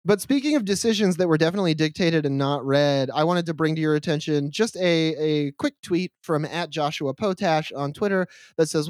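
A man's voice: fairly high pitch, moderate pace, dry recording, studio quality. A man co-hosting a comedy podcast, talking in casual chat. He jokes, laughs often and slips into silly voices. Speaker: podcast co-host.

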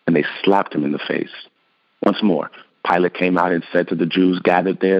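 A man narrating scripture in a steady, even reading voice. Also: sits low, moderate pace, dull audio. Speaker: scripture reader.

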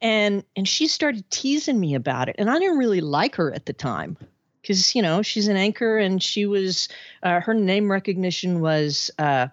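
A woman, a podcast guest telling her life story in a chatty, animated way with frequent laughs. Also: mid-range voice, moderate pace, no echo, lo-fi sound. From Arkansas, USA. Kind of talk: casual storytelling interview.

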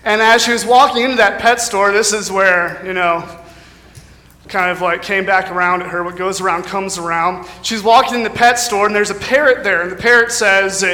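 American man, bright high voice, casual guest preacher in a long-reverb church hall. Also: steady tone, moderate pace. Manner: casual, chatty, lots of fillers like "you know". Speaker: guest speaker. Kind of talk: sermon with jokes. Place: church sanctuary.

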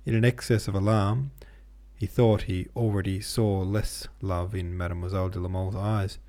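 A man hosting a podcast, reading a classic novel aloud in a steady, measured way. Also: sits low. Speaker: podcast host and reader.

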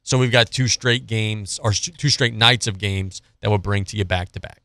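A man's voice: lowish voice, normal speed, bright, forceful tone, no echo. A man hosting a sports radio show, ranting bluntly and sarcastically about a football team before reading out betting picks. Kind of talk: opinionated sports talk monologue.

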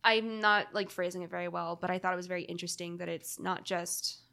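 Bright-voiced woman chatting casually. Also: on the low side, steady tone, a little fast, gravelly. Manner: rambling, laughs often, many "like" fillers. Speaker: podcast co-host. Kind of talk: casual chat.

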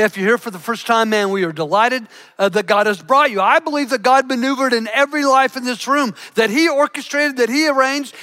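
Fervent pastor with a bright high voice. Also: male voice. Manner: fervent, repeats words and restarts often. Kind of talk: sermon. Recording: church hall with long reverb.

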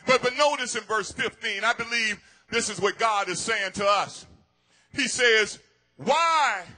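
A man preaching a sermon, shouting at the peaks and repeating words as he builds. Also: very high-pitched.

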